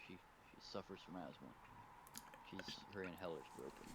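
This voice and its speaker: A man's voice: sits low, normal speed, a bit bright, husky, no echo. A man playing a tabletop role-playing game, laid-back and chuckling. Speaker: player. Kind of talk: tabletop role-play, in character at times.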